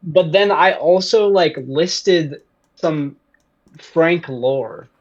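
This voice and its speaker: A man's voice: on the high side, drawn-out words, muffled recording. A man who is a podcast guest, listing items one by one in casual chat.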